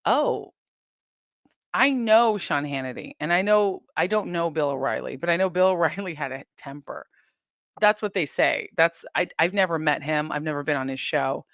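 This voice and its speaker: A woman's voice: deep voice, normal speed, fairly bright tone, no echo, clean studio sound. A woman hosting a casual live stream, chatting and reading viewer comments in a rambling, giggly way.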